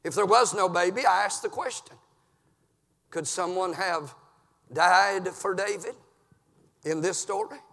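A man preaching an impassioned sermon in a church, dropping to low murmurs and climbing to shouted peaks. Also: unhurried, vocal fry, pauses often, in a large hall.

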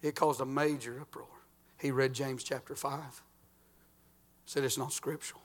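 An older man, a pastor preaching a folksy sermon that swings between loud and quiet. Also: mid-range voice, level tone, moderate pace.

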